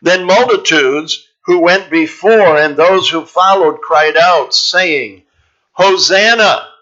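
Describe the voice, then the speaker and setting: A man preaching a Bible teaching sermon in a measured, explanatory way, pausing often with "uh". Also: on the high side, sharp tone, lo-fi sound. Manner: measured, explanatory, with frequent "uh" pauses.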